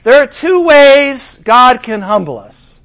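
A middle-aged man delivering a sermon with a fairly high voice. He preaches in an animated way, slipping into the voices of the figures he quotes. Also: slow.

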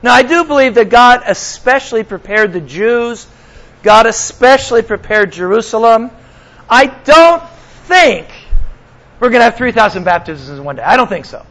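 A man's voice: extremely high pitch, animated, normal speed, a bit bright, poor audio. A man preaching a sermon as pastor, talking conversationally to his congregation and slipping in sarcastic asides.

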